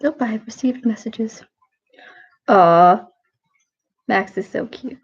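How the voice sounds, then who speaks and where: A tired, sniffly woman in her twenties rambles through casual livestream chat, low-key and self-deprecating. Her voice has a gravelly, creaky edge. The audio is dull and lo-fi. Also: takes it slowly, pauses often. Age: 20s.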